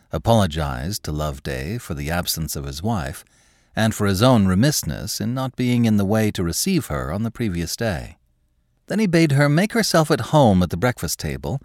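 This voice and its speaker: A man narrating a classic story in a measured, expressive storytelling manner. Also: on the low side, no room sound, studio quality.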